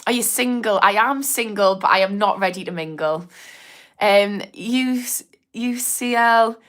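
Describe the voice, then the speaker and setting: A woman's voice: mid-range voice, measured pace, a bit bright. Geordie lady therapist doing a livestream, chatty and frank, swears a bit, laughs a lot. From England. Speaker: addiction therapist hosting a livestream. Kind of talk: casual livestream talk reading chat comments.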